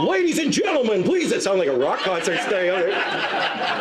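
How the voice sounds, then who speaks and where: A man's voice: high-pitched, expressive, fairly quick, loud music behind the voice, rough recording. A middle-aged man performing a stand-up set, telling stories with asides and "eh?" tags. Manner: storytelling with tag questions and asides, self-deprecating. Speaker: stand-up comedian. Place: indoor venue with live audience. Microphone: stage microphone on a stand.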